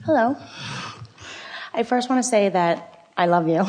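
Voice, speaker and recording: A woman's voice: mid-range voice, expressive, a little slow, pauses often, a little mellow. A woman in a seminar audience asking a question, nervous and giggly, rambling with fillers. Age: adult, business owner.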